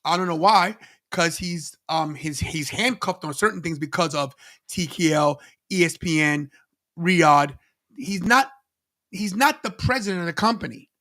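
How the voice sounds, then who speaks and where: A high-voiced man co-hosts a live watch-along podcast. He is animated and laughs often. He addresses the chat directly between his opinions. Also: unhurried. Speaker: podcast co-host.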